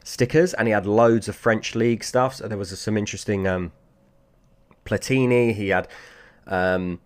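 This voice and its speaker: A man's voice: fairly low pitch, steady tone, normal speed. A man talking casually about his card collection, rambling and repeating himself with many fillers. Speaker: sports card collector vlogger. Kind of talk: casual chat.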